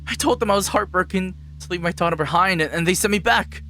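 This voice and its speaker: A man's voice: lowish voice, lively intonation, normal speed, a bit bright, a little hiss or hum. A man voicing a soldier father back from the army in a visual novel, firm with a raised voice. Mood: earnest.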